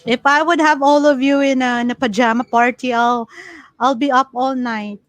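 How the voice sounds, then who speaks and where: A woman's voice: high voice, steady tone, normal speed, no room sound, poor audio. A chatty, giggly woman with a Filipino accent, hosting a casual livestream and reading out viewer comments. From Philippines. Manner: chatty, giggly, code-switching. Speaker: livestream host.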